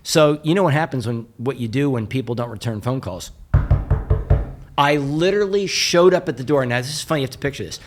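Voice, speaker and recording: Man, motivational speaker, humorous storytelling, asides to the crowd, average pitch. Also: a little fast, background noise. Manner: animated, jokey, with asides to the audience.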